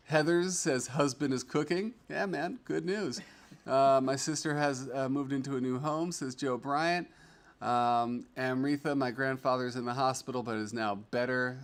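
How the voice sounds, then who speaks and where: A middle-aged man hosting a casual livestream, chatting and reading viewer comments aloud in an upbeat, rambling way with lots of fillers. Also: mid-range voice. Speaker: livestream host.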